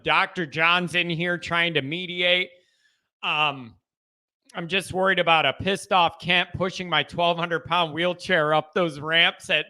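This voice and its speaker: A man hosting a call-in sports talk show, animated, joking and opinionated with callers. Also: high voice, clear, resonant tone. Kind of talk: casual call-in chat.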